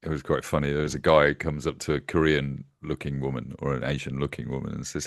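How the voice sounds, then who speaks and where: Deep-voiced man spinning anecdotes. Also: steady tone, a little fast, gravelly, no room sound, clean studio sound. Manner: storytelling, acts out quoted voices. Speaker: host. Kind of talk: casual political chat. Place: remote video call.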